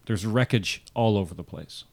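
A man co-hosting a history podcast, telling the story in a measured way and reading out quotes and details. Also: fairly low pitch, creaky. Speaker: podcast co-host.

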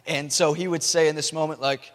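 A man's voice: on the high side, flat delivery, a little fast. A male pastor preaching a sermon in a loose, conversational way, often restarting his words. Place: church hall. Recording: long hall reverb.

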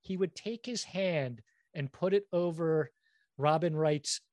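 A man's voice: a little high, slow, darkish tone, dry recording, clean studio sound. A man co-hosting a casual chat, animatedly telling anecdotes with lots of "like" and "you know".

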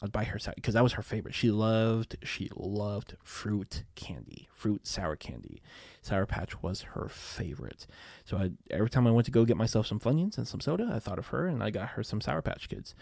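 A man's voice: on the low side, animated, normal speed, creaky, darkish tone, dry recording, clean studio sound. A young man hosting a podcast, telling a personal story in a rambling way, with many fillers, casual swearing and laughing at himself. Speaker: podcast host.

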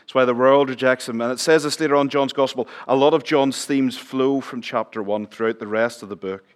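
A middle-aged man preaching a sermon in church, chatting with the congregation, asking them questions and dropping his voice low for emphasis. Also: fairly even intonation, a little fast. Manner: conversational, asks the congregation questions, drops to near whisper for emphasis. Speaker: pastor.

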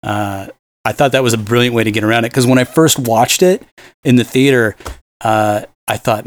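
A man of medium pitch, speaking at normal speed, co-hosts a podcast and rambles about a film. His casual, enthusiastic movie talk is full of fillers.

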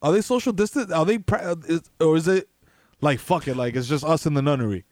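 A man with a New York accent in a casual chat over a video call, excitable and slangy, cursing and laughing easily. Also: on the high side, fast talker, no room sound, studio quality.

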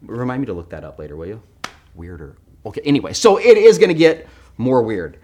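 Lively, joking man preaching a sermon. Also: medium pitch, fairly quick. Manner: animated and joking, swinging between loud and hushed. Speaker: pastor. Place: church.

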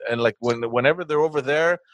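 A man's voice: fairly high pitch, quick pace, fairly bright tone. A man co-hosting a casual podcast chat about parenting, telling family stories and laughing often. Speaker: podcast co-host.

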